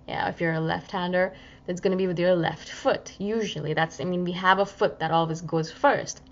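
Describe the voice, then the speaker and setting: A woman's voice: on the low side, normal speed, creaky. Chatty woman podcaster, slightly muffled audio. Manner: chatty, animated, acts out inner voices. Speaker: self-help podcaster. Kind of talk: casual reflective monologue.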